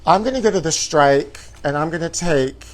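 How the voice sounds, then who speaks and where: A man's voice: a little high, moderate pace. A man hosting a live show from his apartment, chatty and theatrical, sprinkling "honey" through his campy gossip. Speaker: host.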